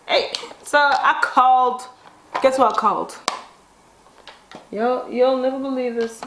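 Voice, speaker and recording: A woman who vlogs about beauty tells a dramatic story while doing her makeup at home. She is animated and swears casually. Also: high voice, slow pace, pauses often. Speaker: beauty vlogger. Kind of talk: casual get-ready-with-me storytelling. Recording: roomy echo.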